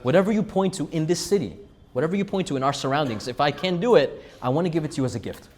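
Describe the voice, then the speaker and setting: Man putting on an earnest mayor, generous, pleading, quick-spoken. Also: on the high side, animated, darkish tone, a little hiss or hum, natural voice.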